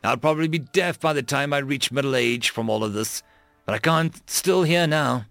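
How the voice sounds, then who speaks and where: Man doing young eared marine, quiet and wry, gravelly. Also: mid-range voice, moderate pace, no room sound, lightly acted. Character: young male Marine with twitching ears.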